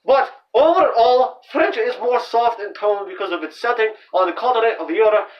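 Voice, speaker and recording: A young man hosting his own channel, explaining language in a loose, rambling way full of fillers and restarts. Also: sits high. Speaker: channel host. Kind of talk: casual amateur language explainer. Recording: dull, distant lo-fi home recording.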